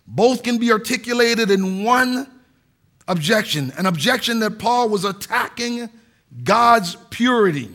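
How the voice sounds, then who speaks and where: A pastor delivers a sermon in a notably high voice for a man. He preaches earnestly, pressing hard on key words and now and then restarting a phrase. He sounds middle-aged. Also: expressive, a little slow, pushed and bright. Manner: earnest preaching with emphatic stresses and some restarts.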